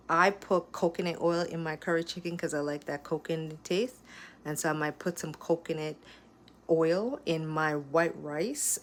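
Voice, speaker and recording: Jamaican lady chatting in her kitchen, kinda low voice, little bit of pan noise behind. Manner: chatty, addresses viewers as "people". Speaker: vlogger. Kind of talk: casual cooking vlog. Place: home kitchen.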